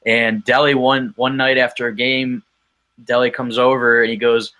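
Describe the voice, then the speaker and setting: A man's voice: medium pitch, little pitch movement, moderate pace, bright, forceful tone. A man talking as a guest on a podcast, telling a casual story in a rambling way with frequent ums and restarts.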